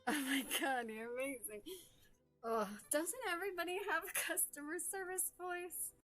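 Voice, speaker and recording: Bright-voiced giggly woman. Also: high voice, fairly even intonation, normal speed, faint music behind. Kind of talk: casual chat.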